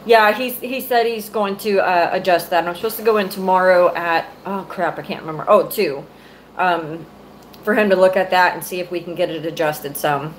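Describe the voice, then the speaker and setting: A woman's voice: lowish voice, moderate pace, slight background noise, poor audio. A middle-aged woman, a mother, angrily venting to her viewers on a live stream, cursing freely and close to her phone mic. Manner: angry, profane, venting.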